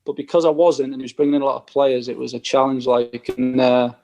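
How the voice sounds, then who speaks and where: A man's voice: mid-range voice, flat delivery, fast talker, darkish tone. A man, a former footballer telling stories as a podcast guest and acting out the exchanges he quotes. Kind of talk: casual anecdote telling.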